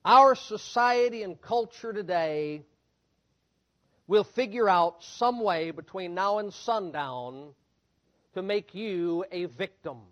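A man's voice: sits high, lively intonation, slow, fairly bright tone, lo-fi sound. A man preaching a sermon in an emphatic, repetitive cadence that builds through lists and rhetorical questions.

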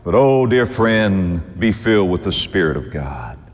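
A man preaching a sermon, fervent and warm to his listeners, swinging from soft asides to loud, high exclamations and chuckling between points. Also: very animated, measured pace, long reverb tail.

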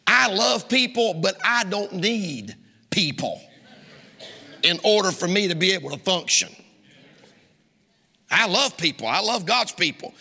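Emphatic Southern preacher, gravelly and bright. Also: male voice, high-pitched. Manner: emphatic, rising to shouts for emphasis. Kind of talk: sermon. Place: church sanctuary. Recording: long hall reverb.

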